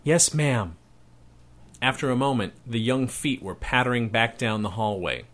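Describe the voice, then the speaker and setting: A man narrating a story aloud in a measured, expressive reading voice. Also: medium pitch.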